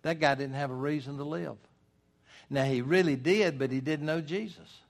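A man's voice: fairly high pitch, normal speed, vocal fry. Folksy emphatic older male preacher. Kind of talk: sermon.

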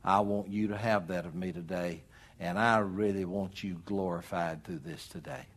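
Preaching man with a lowish voice. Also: normal speed. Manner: preaching with sudden loud emphatic rises and drops. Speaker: pastor. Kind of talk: sermon.

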